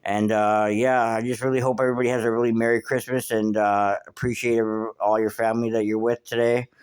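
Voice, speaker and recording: A man's voice: medium pitch, level tone, fast talker, clean tone. A man hosting a podcast, telling a rambling street story with lots of swearing and fillers. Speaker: podcast host. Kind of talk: casual storytelling monologue.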